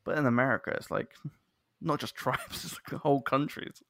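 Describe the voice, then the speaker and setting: A man's voice: mid-range voice, brisk, creaky, fairly bright tone, no echo, clean studio sound. A man from London with an English accent, hosting a podcast interview in a chatty, self-deprecating way. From London, England. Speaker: podcast host. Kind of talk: casual interview chat.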